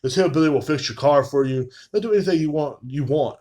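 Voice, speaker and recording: A man's voice: a little high, brisk, a little mellow. A young man, ranting profanely in a casual, rambling monologue full of fillers as a podcast host. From Texas.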